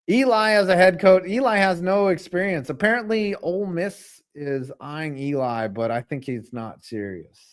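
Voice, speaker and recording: A man reacting live to a football game, calling plays and joking in profane, animated banter. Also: fairly high pitch. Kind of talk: live sports reaction commentary.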